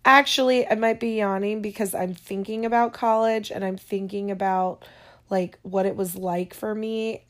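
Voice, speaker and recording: Woman, unhurried, casual and digressive advice-giving vlogger. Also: mid-range voice. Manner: chatty, digressive, yawning often.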